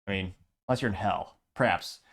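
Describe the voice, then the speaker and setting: A man's voice: low-pitched, fairly quick, gravelly, a bit bright. A man hosting a commentary show, reading comments aloud and adding sarcastic, rambling asides. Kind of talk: casual commentary reading social media comments.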